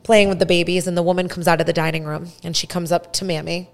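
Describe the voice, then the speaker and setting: Woman host around 30 spilling a story, like, like, super casual, lowish voice. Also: quick pace, vocal fry. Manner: animated, many "like" fillers. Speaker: podcast host.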